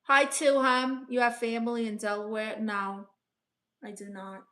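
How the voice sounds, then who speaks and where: A woman's voice: a little high, level tone, a little slow, a bit bright. A woman comedian hosting a casual live stream as a brash aunt, reading viewer comments and giving blunt, teasing advice. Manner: blunt, teasing, playfully sassy.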